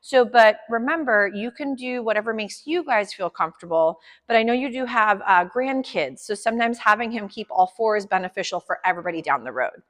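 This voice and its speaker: A woman's voice: medium pitch, expressive, fairly quick, few pauses, a bit bright, big-room sound. Chatty, upbeat woman dog trainer. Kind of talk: explaining a training session to clients.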